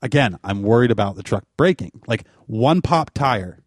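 A man spins a long, winding story in easy conversation, stacking fillers as he goes. His voice sits at an ordinary middle pitch and is recorded dry and close, with no room sound. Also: normal speed, no room sound. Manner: rambling, animated storytelling with fillers. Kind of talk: casual chat.

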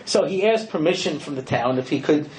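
Male rabbi-lecturer, slightly high and very animated delivery, conversational storyteller. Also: low-quality recording. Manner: animated storyteller, quickly acting out characters' lines; conversational, with frequent "you know".

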